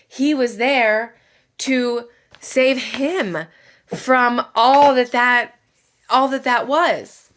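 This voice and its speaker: Mom chatting about a book while doing makeup, gets all emotional, rambles a lot. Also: female voice, fairly high pitch, steady tone, drawn-out words, fairly bright tone. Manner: emotional, rambling, many "like" fillers. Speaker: book vlogger.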